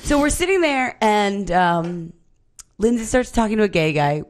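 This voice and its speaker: A woman co-host chatting on a podcast and recounting a night out. Her pitch swings widely as she tells it, and she swears freely and casually. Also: moderate pace. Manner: animated storytelling, swears freely. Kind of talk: casual chat.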